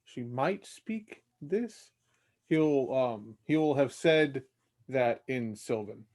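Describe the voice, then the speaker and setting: A man's voice: medium pitch, lively intonation, slow, a little mellow. A man playing a tabletop game, hesitant and thinking aloud. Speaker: player. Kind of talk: tabletop role-play chat.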